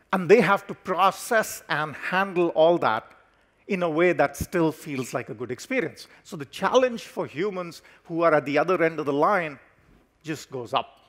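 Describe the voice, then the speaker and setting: Measured man giving a keynote. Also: a little high, a bit bright. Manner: measured, explanatory, stresses key words with pauses. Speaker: company CEO giving a keynote. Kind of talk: conference keynote talk. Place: conference stage.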